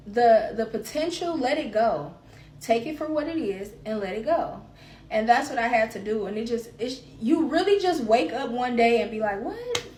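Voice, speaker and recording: In a warm, rather high voice, a woman hosting a podcast opens up emphatically about her feelings in a personal monologue on healing, repeating phrases for emphasis. The mic is distant, the sound roomy, with a little hiss or hum.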